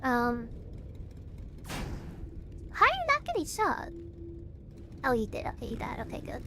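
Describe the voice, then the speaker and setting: Goofy high-voiced vtuber woman. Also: wildly swooping pitch, unhurried, vocal fry, bright, forceful tone, a little hiss or hum. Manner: goofy and self-mocking, hums and sings along while playing. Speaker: vtuber streamer. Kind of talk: casual gaming stream chat.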